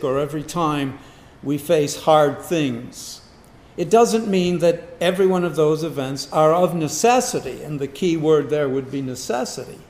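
A pastor with a fairly high, slightly mellow voice preaches a Sunday morning sermon in an echoey room. He poses rhetorical questions to the congregation and repeats key words for emphasis.

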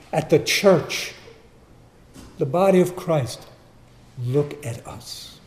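A man preaching a sermon, swinging from quiet, low passages to loud, emphatic bursts. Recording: echoey room.

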